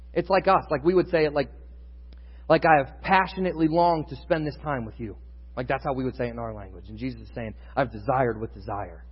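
A man's voice: medium pitch, husky. A man preaching a sermon in a conversational teaching style, building in intensity at times. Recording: muffled sound with long reverb in a hall.

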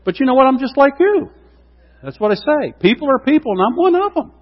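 Animated preacher in an echoing hall. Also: male voice, extremely high pitch, a little fast. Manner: animated preaching, acts out quotes, asides to congregation. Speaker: pastor. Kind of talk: sermon. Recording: dull lo-fi sound with long hall reverb.

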